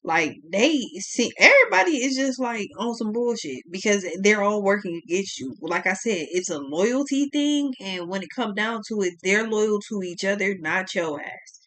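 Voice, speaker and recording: A woman's voice: medium pitch, animated, normal speed, hardly any pauses, fairly bright tone. A young woman giving a blunt, profane tarot reading, exclaiming as she turns the cards. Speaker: tarot reader.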